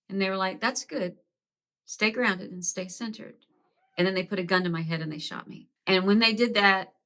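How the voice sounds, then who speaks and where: A woman's voice: mid-range voice, sharp tone. A woman vlogger telling a personal story in a candid, conversational way, casually swearing and acting out what she said at the time. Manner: reenacts her own quoted words.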